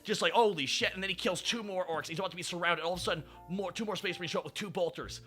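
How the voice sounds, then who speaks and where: Man streamer, excitable storyteller, high voice, very bright tone. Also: very fast, soft background music. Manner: excitable, animated storytelling with swearing. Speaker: streamer host. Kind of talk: casual chat on a live stream.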